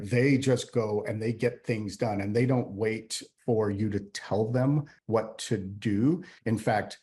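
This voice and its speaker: Interview guest: a man with a lowish voice, a CEO explaining his views earnestly, lots of fillers. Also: a little mellow. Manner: earnest, emphatic, with frequent fillers. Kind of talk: conversational interview answers.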